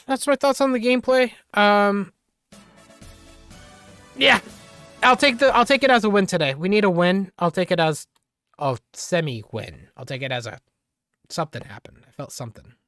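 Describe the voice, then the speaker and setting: A live streamer in casual chat with viewers, excitable, laughing often and teasing the chat. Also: medium pitch, clear, resonant tone, no echo, clean studio sound.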